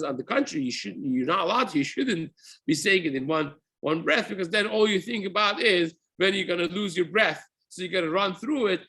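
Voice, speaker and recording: A man's voice: high-pitched, gravelly, bright, forceful tone, breathy edge. A rabbi giving a daily halacha class, explaining step by step, often repeating and rephrasing himself and weaving Hebrew terms into his English. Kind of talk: spoken Torah class.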